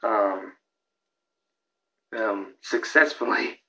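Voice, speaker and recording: A young man rambling excitedly through a countdown of his own videos, with lots of restarts and fillers. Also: lowish voice, drawn-out words, muffled recording. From Australia. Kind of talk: casual vlog commentary.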